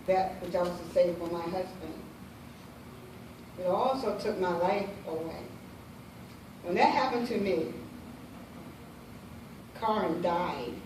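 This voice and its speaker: Middle-aged woman in a very echoey hall. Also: medium pitch. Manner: heartfelt, halting, with repeated phrases. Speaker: conference speaker, prophetess. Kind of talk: personal testimony. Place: large hall at a women's conference. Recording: echoey hall, voice from far off, faint hiss.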